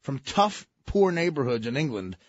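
A man's voice: medium pitch, big pitch swings, moderate pace, dry recording, dull audio. A middle-aged man hosting a radio show, sarcastic and teasing in casual banter. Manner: sarcastic, teasing, does mock voices. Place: radio studio.

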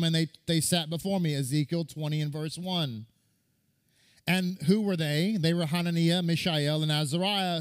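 In a sermon built around a midrash, a rabbi with a somewhat high voice quotes and reads from scripture, repeating words to stress them.

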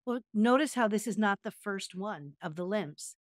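A woman co-host chats on a podcast and retells stories with animated energy. Her voice sits at an ordinary middle pitch. The sound is close and dry, with no room around it. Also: moderate pace, no room sound. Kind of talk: casual chat.

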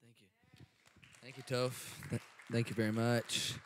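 A man from Alabama with a Southern American accent, a missionary giving an eager, chatty sermon introduction, laughing often and filling pauses with fillers. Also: mid-range voice, flat delivery, fairly bright tone, slight background noise. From Alabama, USA. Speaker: guest speaker, missionary. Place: church sanctuary. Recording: long church hall reverb.

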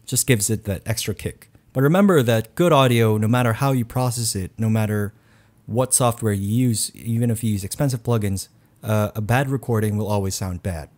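Guy doing a tech tutorial voiceover, lowish voice, close condenser mic, quiet room. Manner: low, deliberate announcer-style delivery. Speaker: YouTube tech reviewer. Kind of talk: tutorial voice-over.

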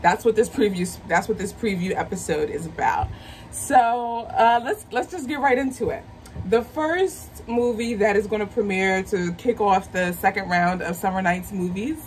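A woman in her thirties hosting a movie review channel, chatting casually in a slangy, excitable way. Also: medium pitch, normal speed, a little hiss or hum, low-quality recording. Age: 30s. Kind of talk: casual chat.

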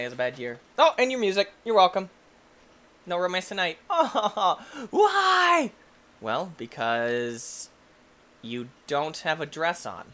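A young man narrates his gameplay in a goofy, excitable rush, his pitch swinging wildly from low mutters to high yelps. He shouts and jokes at the screen as he plays, with a lively, bouncing delivery. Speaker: gaming YouTuber. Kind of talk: energetic gameplay commentary.

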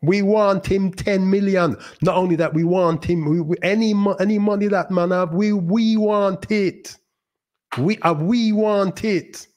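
Guy doing a put-on accent, pushy voice demanding cash, higher than his own, slow and drawn out. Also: steady tone, darkish tone.

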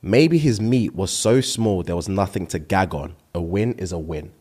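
A man's voice: low-pitched, moderate pace, a little mellow, slightly rough. A man, co-hosting a casual podcast, reading comments aloud and laughing often. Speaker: podcast co-host.

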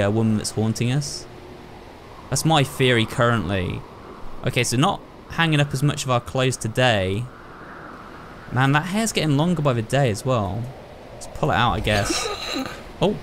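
A man's voice: medium pitch, a little hiss or hum. A young man commenting on a horror game playthrough, thinking aloud and talking to his viewers. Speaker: gaming YouTuber. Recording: clear game ambience behind the voice. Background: horror game sounds.

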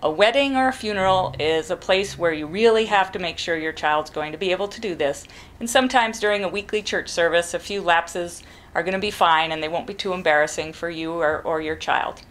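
A middle-aged woman, a parent, calmly explaining step by step how to teach a child to whisper. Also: fairly low pitch, a little fast. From New England. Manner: calm, practical, demonstrates whispering. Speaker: parent giving advice. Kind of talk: instructional talk to camera.

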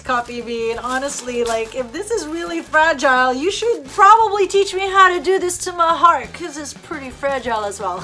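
A woman with a slightly high voice chats playfully through an unboxing. She giggles often and jokes with her viewers. Background music plays clearly beneath her voice. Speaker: vlogger. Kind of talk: casual unboxing chat.

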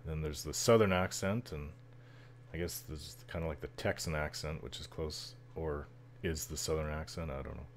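A man talks over his game in an extremely deep, low voice. He rambles loosely, full of ums and little chuckles, and a faint hiss of noise sits behind him. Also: steady tone, normal speed. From Canada. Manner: rambling, chuckles often, many fillers. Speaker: gameplay commentator. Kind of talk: casual let's-play chatter.

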